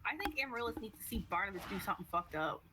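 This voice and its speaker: A woman from Maryland chatting casually on a live roleplay stream, playful and quick to laugh. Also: medium pitch, animated, rough recording. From Maryland, USA. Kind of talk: casual chat.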